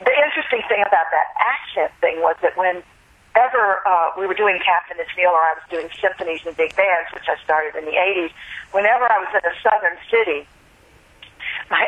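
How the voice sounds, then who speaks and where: A woman's voice: on the low side, fairly quick, husky. Older woman on a tinny phone line. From US South, Alabama. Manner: chatty, reflective, laughs easily. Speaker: guest, singer. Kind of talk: relaxed phone interview storytelling. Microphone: telephone.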